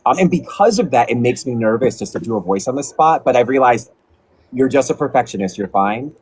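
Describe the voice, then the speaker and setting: A man guesting on a casual interview, speaking over a video call with a mid-range voice that leaps around expressively. He talks in an animated, rambling way, full of "like" and quick restarts. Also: mid-range voice, a little hiss or hum, poor audio. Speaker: guest voice actor.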